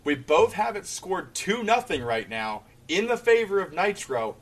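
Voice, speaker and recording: A man's voice: sits high, very animated, a little slow. A man co-hosting a podcast in casual chat, telling stories with animation and laughing often. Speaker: podcast co-host. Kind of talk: casual chat recapping wrestling shows.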